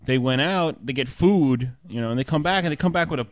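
A man in an easygoing podcast chat, spinning halting, rambling anecdotes with lots of likes and restarts. His voice sits at an ordinary pitch and sounds close and dry, with no room echo. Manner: rambling, halting storytelling with frequent fillers and laughs. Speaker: podcast co-host. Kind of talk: casual chat.

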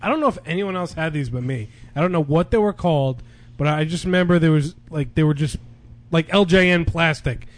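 A man's voice: fairly high pitch, fairly quick. A young man from New Jersey on a podcast, rambling in casual chat and searching for words. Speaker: podcast co-host.

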